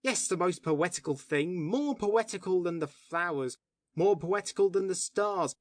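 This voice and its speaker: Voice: mid-range voice, lively intonation, a little slow, dry recording, studio quality, close to an everyday voice. A reader voicing a passionate male poet who argues with fervent oratory, in audiobook dialogue. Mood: impassioned. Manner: impassioned, oratorical arguing.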